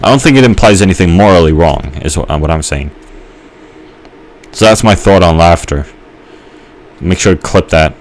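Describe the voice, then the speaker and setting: Low-voiced young man rambling over gameplay. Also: lively intonation, moderate pace, pauses often. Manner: musing, hesitant, many fillers and restarts. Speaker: gamer. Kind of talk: rambling let's-play commentary.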